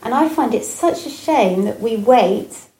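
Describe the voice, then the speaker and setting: Gentle reflective woman giving a dharma talk. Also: on the high side, lively intonation, measured pace. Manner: gentle, reflective, many fillers. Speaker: Buddhist dharma speaker. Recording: echoey room with faint ambience.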